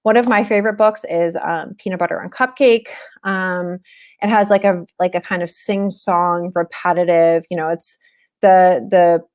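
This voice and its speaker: A woman's voice: fairly low pitch, fairly even intonation, normal speed, a little mellow. A woman in her thirties giving a casual instructional webinar talk, conversational with frequent fillers. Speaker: webinar presenter on teaching reading.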